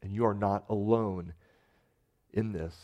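A man preaching a sermon in an earnest manner, building to emphatic rises and sinking to soft, quiet endings. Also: on the low side, steady tone, a little slow. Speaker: pastor.

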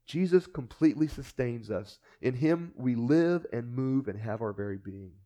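A man preaching a sermon with animated delivery, acting out the voices of people he quotes and often repeating words. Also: medium pitch, moderate pace. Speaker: pastor.

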